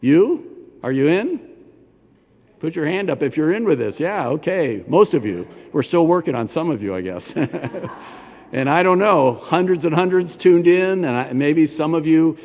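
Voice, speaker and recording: Animated preaching rabbi, reverberant hall. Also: male voice, fairly high pitch, normal speed. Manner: animated preaching with questions to the congregation. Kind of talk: sermon. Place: synagogue sanctuary.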